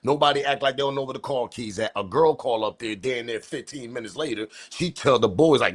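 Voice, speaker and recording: A man hosting a commentary video, ranting about the news with profanity and loud emphatic bursts. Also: mid-range voice, a little fast, few pauses. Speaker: commentary channel host.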